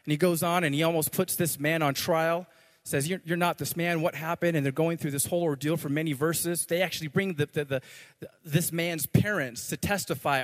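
A man's voice: a little high, a little fast. A man preaching a sermon as pastor, joking playfully at times and praying earnestly. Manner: playful, joking asides then earnest prayer. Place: church. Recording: long hall reverb.

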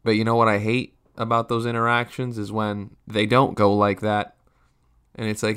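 A man's voice: lowish voice, completely flat delivery, normal speed, a bit bright, clear, resonant tone. A man around thirty ranting casually for laughs, rambling and swearing, often restarting his sentences and poking fun at himself. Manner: rambling, profane, self-mocking, frequent restarts. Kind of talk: casual comedic rant.

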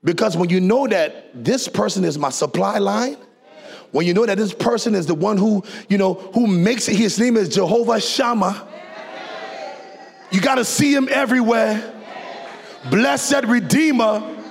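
Gravelly high-voiced preacher, shouting and singing. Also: male voice, normal speed, some chatter behind. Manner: call-and-response preaching, swings from low talk to shouted, sung climaxes. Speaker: pastor. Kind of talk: preaching sermon. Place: church before a congregation.

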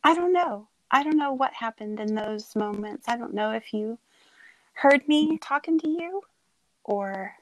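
A middle-aged woman telling her daughter the story of her birth in a casual, heartfelt talk, halting and full of fillers. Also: fairly high pitch, expressive, a little mellow, no echo, dull audio. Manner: tender, halting, with many fillers and laughs.

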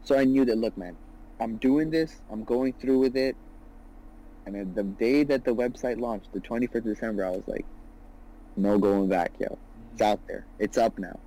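A man's voice: on the low side, moderate pace, warm tone, low-quality recording. A man in his twenties talking as a guest about his business, earnest and rambling, with lots of "you know" and "right". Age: 20s. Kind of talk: casual podcast conversation.

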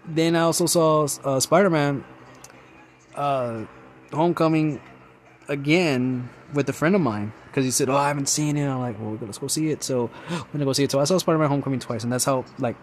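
A young man talks in a casual, rambling way as a host. He is an excited fan who fills his talk with many fillers and restarts. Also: medium pitch, moderate pace, pauses often, a little hiss or hum. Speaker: podcast host.

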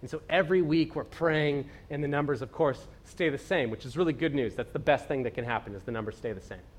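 A man's voice: mid-range voice, fast talker. A young adult man preaching in a casual, storytelling way, full of fillers and asides. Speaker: pastor. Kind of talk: conversational sermon.

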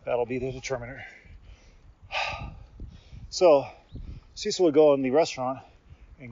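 A man's voice: mid-range voice, normal speed, long pauses. A male podcast host rambling casually with many tangents and laughs while cycling on a riverside path, recorded on a portable recorder. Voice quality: chatty, tangent-prone, laughs often. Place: outdoors on a riverside bike path. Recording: lo-fi with loud wind noise.

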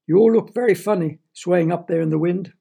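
Man putting on a loud teasing fire chief. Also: a little high, lively intonation, brisk, slightly rough. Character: jolly male fire chief, laughing at others.

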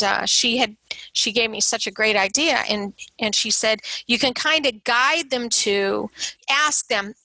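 A woman speaking in a thoughtful, earnest way, her voice bright and a little high. She leans into quoted lines as she talks them through. The sound is close and dry. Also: no echo, poor audio. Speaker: parent of a son with substance use. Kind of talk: casual conversation on recovery support.

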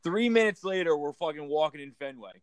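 A man's voice: fairly high pitch, lively intonation, fairly quick, no room sound. A man telling rowdy stories in casual chat, swearing freely and laughing often. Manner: profane storyteller, laughs often.

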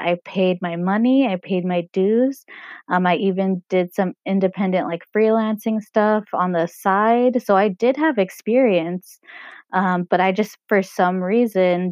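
A young woman talking on her own podcast in a casual, rambling way, full of "um" and "like", her throat hoarse and scratchy. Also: lowish voice, a little mellow, no echo. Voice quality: husky. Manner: meandering, lots of fillers like "um" and "like". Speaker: podcast host. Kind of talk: casual solo podcast talk. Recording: dry, muffled home recording.

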